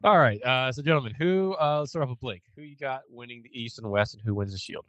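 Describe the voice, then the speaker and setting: A man's voice: mid-range voice, fast talker, a bit bright, dry recording, dull audio. A man hosting a podcast in casual chat, rambling a little with fillers as he talks. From United States. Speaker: podcast host.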